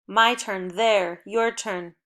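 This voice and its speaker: A cheerful young woman records a phonics lesson for children. Her voice is medium-pitched and she takes it slowly, giving clear, encouraging prompts at a steady teacherly rhythm and cheering the kids on between words.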